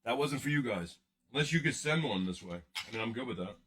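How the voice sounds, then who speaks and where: A man's voice: medium pitch, expressive, fast, fairly bright tone, slight background noise. A man hosting a card-breaking livestream, rambling and joking casually with his viewers in chat.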